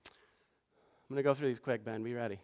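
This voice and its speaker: A pastor giving a sermon, telling stories in an animated way and acting out the quoted voices. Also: male voice, mid-range voice, moderate pace. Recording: long reverb of a large hall.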